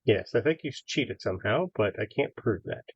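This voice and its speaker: A man puts on a smug, greedy teenage schoolgirl who boasts and bosses the younger students around. Her voice is pitched only a little above his own and sounds dry and dull on a lo-fi recording. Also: expressive, normal speed, breathy edge, no room sound, exaggerated voice. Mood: smug, scheming. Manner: condescending, boastful.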